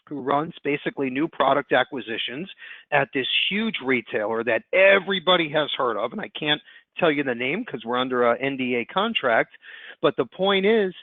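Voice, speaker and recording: A man giving an upbeat, fast sales pitch as presenter on a webinar call. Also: animated, no echo. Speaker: insurance platform presenter. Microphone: conference call line. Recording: tinny phone-line audio.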